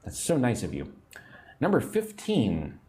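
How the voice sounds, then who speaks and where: An American man giving a livestream English lesson, repeating phrases clearly and greeting viewers by name. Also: medium pitch, wildly swooping pitch, a little slow, a little mellow. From United States. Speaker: English teacher.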